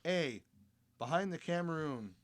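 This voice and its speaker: A man voicing an old colonial trader in a put-on mix of Australian and Scottish accents, telling swamp legends loudly and theatrically. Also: on the high side, expressive, unhurried, voice pushed up. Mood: spooky telling. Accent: mixed Australian and Scottish, put on. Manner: loud, theatrical storytelling with laughs breaking through.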